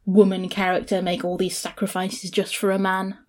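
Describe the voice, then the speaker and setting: A woman's voice: mid-range voice, moderate pace. A woman hosting a casual chat, animatedly retelling a picture book. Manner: animated storyteller, chatty.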